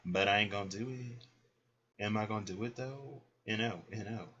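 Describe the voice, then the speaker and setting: A man's voice: fairly low pitch, normal speed, bright, forceful tone, breathy edge. A man giving a casual card reading, chatty and thinking aloud as he goes. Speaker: card reader. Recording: dull lo-fi recording.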